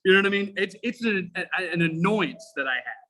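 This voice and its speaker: Fired-up profane man, high bright voice. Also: animated, fairly quick, rough recording. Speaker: podcast guest, firefighter lieutenant. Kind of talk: casual podcast chat.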